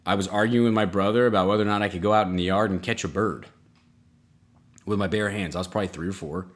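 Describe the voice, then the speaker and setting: A man hosting a comedy podcast, telling self-mocking stories in a rambling way, with sudden jumps in pitch. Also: fast. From United States. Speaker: podcast host. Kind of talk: comedic solo monologue.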